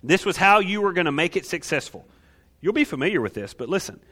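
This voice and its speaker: A man preaches a sermon from the pulpit, his voice sitting a little high for a man. He moves quickly between reading scripture and pressing the point home, tossing rhetorical questions and small jokes to his congregation. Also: big pitch swings, fairly bright tone. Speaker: pastor.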